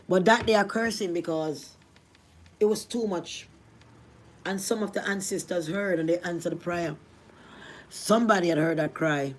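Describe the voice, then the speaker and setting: A middle-aged woman from Jamaica with a Jamaican accent, telling her life story in a rambling, animated way. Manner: rambling, animated, rising to cries at high points. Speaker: vlogger. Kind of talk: emotional storytelling.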